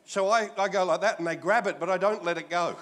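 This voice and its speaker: A pastor in his sixties with an Australian accent preaches a sermon, telling stories in a jokey, animated manner. His voice sits high and he speaks briskly.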